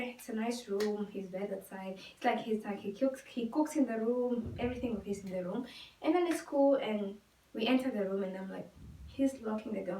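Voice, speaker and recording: A woman's voice: fairly high pitch, a little mellow, slight background noise. A young woman vlogger telling a personal story to camera, candidly acting out the dialogue and calling her viewers guys. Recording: echoey room, distant mic, faint music.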